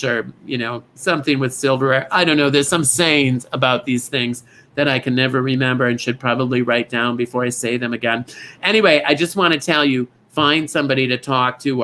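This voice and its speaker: A man hosts an online bingo show, live-streaming as he greets viewers by name in a gushing, rambling way. His mid-range voice has a sharp tone, with slight background noise behind it.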